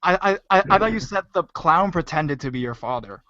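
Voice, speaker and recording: A man's voice: a little high, animated, fairly quick, bright, forceful tone, no room sound. A man hosting a live stream who prompts the caller with short reactions and clarifying questions. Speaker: host. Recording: dull lo-fi mic with faint noise.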